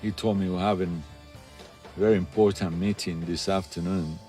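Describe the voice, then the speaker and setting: A man recounting events in a documentary interview, swearing often and telling the story with lively animation. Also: low voice, normal speed. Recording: faint music under voice.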